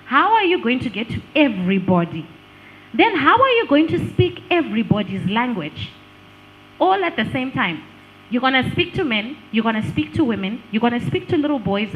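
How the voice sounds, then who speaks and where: Lively woman giving a workshop talk. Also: a little high, poor audio. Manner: lively, engaging, asks the room questions, laughs often. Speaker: speaker on digital branding. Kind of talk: live workshop talk to an audience.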